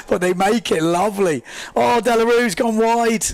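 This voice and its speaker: A man commentating a live race stream, excitable and chatty, joking at his own expense as he reads viewer comments. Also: high voice, normal speed, dry recording. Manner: excitable, chatty, self-deprecating, rambling with fillers. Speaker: livestream sports commentator.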